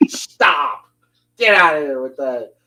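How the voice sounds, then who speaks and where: Brief: easygoing male host, teasing banter, slightly higher voice. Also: expressive, takes it slowly, pushed and bright, low-quality recording. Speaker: show host. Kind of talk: casual interview chat.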